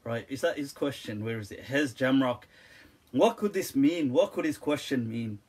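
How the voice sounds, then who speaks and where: Playful laughing man, husky voice. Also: medium pitch, normal speed, darkish tone. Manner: laughs often, teasing and playful. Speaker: Islamic scholar answering viewer questions. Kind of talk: live Q&A stream, casual and joking.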